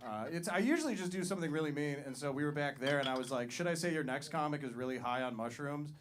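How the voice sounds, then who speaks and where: A man's voice: a little high, fast. A man hosting a live comedy show, teasing the comics as he introduces them. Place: comedy club with live audience. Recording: live club mic with crowd and noise.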